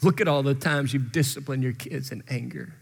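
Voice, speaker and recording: A preacher voicing a taunting, hissing devil. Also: male voice, medium pitch, vocal fry, slightly rough. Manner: rapid-fire taunting accusations. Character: accusing male devil, sneering, relentless. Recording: long reverb in large hall.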